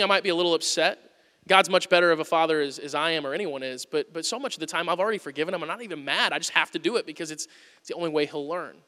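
A man preaching a conversational sermon, going from loud emphasis to quiet asides. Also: sits high. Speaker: pastor. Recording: long hall reverb.

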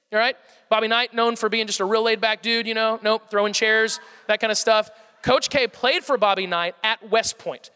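A young man giving a comic storytelling talk to a live audience, animated and self-mocking with playful exaggeration. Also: extremely high pitch. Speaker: speaker addressing a live audience. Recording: long hall reverb.

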